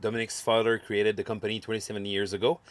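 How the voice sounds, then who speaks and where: A man with a French Canadian accent, a guest in a casual interview, speaking in a relaxed, conversational way. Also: on the low side, very fast, dry recording. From Quebec.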